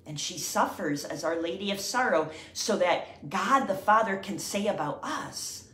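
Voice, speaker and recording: A woman leading the rosary, speaking gently and reverently, at times dropping to a whisper as she reflects between prayers. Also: lowish voice, lively intonation, a little slow, few pauses, reverberant, a little hiss or hum. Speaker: prayer leader.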